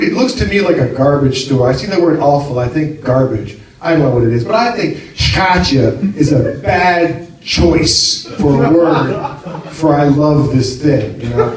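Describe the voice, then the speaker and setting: An American man doing a chatty, self-mocking stand-up set on stage, often laughing at his own lines. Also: on the high side. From United States. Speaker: stand-up comedian. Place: comedy club stage with a live audience. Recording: far-off echoey club with crowd. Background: audience laughter.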